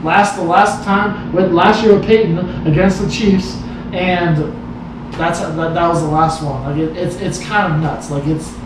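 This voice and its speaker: High-voiced guy cursing and cackling about football, sounds far off in a roomy echoey space with noise behind. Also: measured pace. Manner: profane, excitable, laughing outbursts. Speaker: podcast co-host. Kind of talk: casual sports banter. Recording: echoey and distant with background noise.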